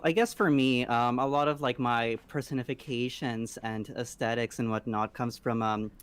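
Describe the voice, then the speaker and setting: A man's voice: medium pitch, fairly even intonation, normal speed, clear, resonant tone. A man streamer on a convention panel, effusive and gushing, talking with many fillers. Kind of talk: casual panel chat.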